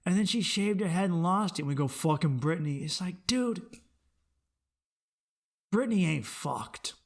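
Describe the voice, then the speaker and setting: A young adult man hosting a podcast, rambling and swearing freely as he rants, bursting into loud animated outbursts. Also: high-pitched, a little slow, vocal fry. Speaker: podcast host. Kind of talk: casual solo podcast rant.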